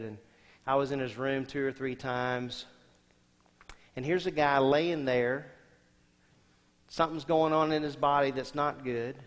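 A man preaching a sermon as senior pastor, asking the congregation questions and swinging between loud emphatic lines and quiet soft ones. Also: medium pitch. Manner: asks the congregation rhetorical questions. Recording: long hall reverb.

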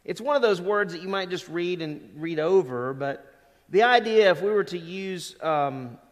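A middle-aged man delivers a sermon in a church sanctuary, his fairly high voice ringing through a long hall reverb. He keeps a chatty, conversational tone and then leans hard on key words for emphasis. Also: normal speed. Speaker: pastor.

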